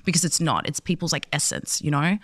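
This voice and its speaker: A woman's voice: sits low, brisk, no echo, clean studio sound. A woman, a podcast guest telling stories earnestly and acting out the people she quotes. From Australia. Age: 20s. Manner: earnest, animated, acts out quoted voices. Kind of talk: passionate conversational storytelling.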